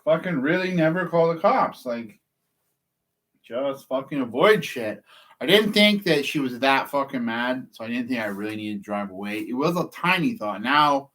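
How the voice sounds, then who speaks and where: A man's voice: mid-range voice, pushed and bright. A man from California, rambling through a casual story to the camera, swearing often and laughing at himself. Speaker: process server vlogger.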